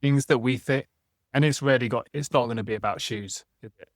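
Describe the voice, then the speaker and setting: A man's voice: mid-range voice, fairly quick, no room sound, clean studio sound. A man hosting a podcast, talking in a reflective, conversational way and often ending with tag questions. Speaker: podcast host. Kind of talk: casual conversation.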